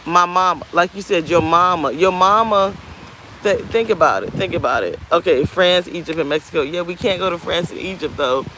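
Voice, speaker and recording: A woman in her thirties talking candidly to camera outdoors, rambling and animated. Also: lowish voice, normal speed, slight background noise, low-quality recording. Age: 30s. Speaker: vlogger. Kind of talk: casual talk to camera. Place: outdoors on a beach.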